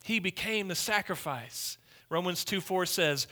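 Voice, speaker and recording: A male pastor delivers a sermon with an emphatic, repetitive style. His voice sits a bit high and has a very bright, sharp edge. He swings between quiet, hushed phrases and loud declarations. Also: slow.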